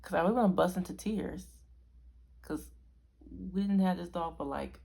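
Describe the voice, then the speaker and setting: A woman's voice: on the low side, moderate pace, gravelly, dark tone, breathy edge. A young woman from Arizona telling a story to camera in a rambling, chatty way that keeps correcting itself. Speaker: vlogger.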